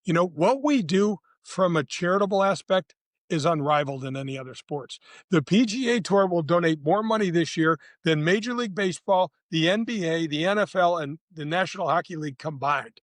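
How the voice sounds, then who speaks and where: A man's voice: sits high, a little fast, dry recording. A man in his sixties, a retired tour golfer, telling stories in a casual interview, rambling with restarts and acting out quotes. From St. Louis, USA. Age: 60s.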